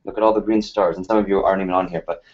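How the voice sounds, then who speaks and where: Low-voiced man leading a sales workshop. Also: rapid-fire. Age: 30s. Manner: energetic, casual, full of rhetorical questions to the room. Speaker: sales team leader running a workshop. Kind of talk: motivational workshop talk. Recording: slightly muffled lo-fi sound.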